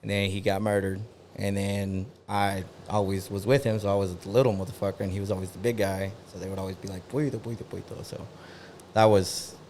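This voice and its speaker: A man's voice: sits low, little pitch movement, fairly quick, darkish tone, a little hiss or hum. A man in his thirties from Oklahoma City, a DJ talking casually as a podcast guest in a laid-back, slangy way with frequent restarts. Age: 30s. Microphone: podcast studio mic.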